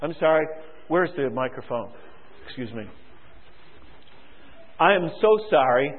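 A man's voice: a little high, expressive, measured pace, big-room sound, narrow, tinny audio, pitched below the performer's own voice. A man voicing a hockey referee who apologizes and gives in to the crowd. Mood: mock apologetic. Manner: hesitant, apologetic.

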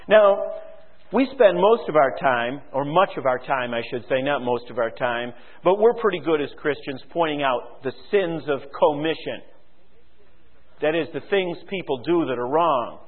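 A man's voice: high voice, expressive, moderate pace. A man preaching a sermon as a pastor, firing rhetorical questions at his listeners and quoting scripture aloud. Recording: tinny phone-like sound with long hall reverb.

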